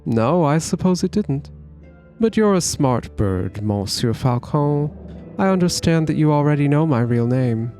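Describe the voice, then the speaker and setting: Guy reading a slick dramatic bird con man, flowery and evasive, kinda high voice. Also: lively intonation, a little slow, mellow, soft background music. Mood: theatrical. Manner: grand, flowery storytelling delivery.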